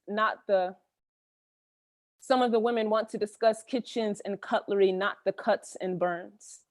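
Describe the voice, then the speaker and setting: A poet from Camden, New Jersey, with a New Jersey accent, reading her spoken-word poems over a video call. She moves between rhythmic, emphatic verse and relaxed, halting chat. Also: medium pitch, no echo, clean studio sound. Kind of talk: spoken-word poetry reading with casual asides.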